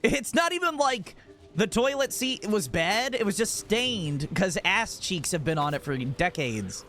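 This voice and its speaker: A man's voice: high voice, sing-song, measured pace, fairly bright tone, slight background noise. A man streaming a game, chatting casually and telling profane, joking stories in a rambling way. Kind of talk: casual live-stream chat.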